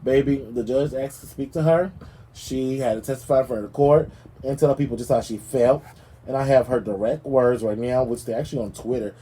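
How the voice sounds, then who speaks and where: A man hosting his own gossip show, telling stories in a sassy, animated way with dramatic asides. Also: mid-range voice, fairly quick, slight background noise. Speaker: podcast host. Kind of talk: casual gossip commentary.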